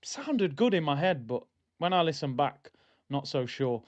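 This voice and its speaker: A man's voice: on the high side, unhurried, lo-fi sound. A young man, chatting animatedly and exasperated with his live-stream audience before a football match. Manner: animated, exasperated banter with chat. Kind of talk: casual live-stream chat.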